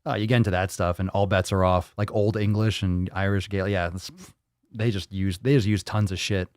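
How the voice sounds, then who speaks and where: A man's voice: low-pitched, steady tone, a little fast, darkish tone, no room sound, studio quality. A man hosting a fitness live stream in casual chat, rambling and joking, with a lot of swearing. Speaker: fitness livestream host.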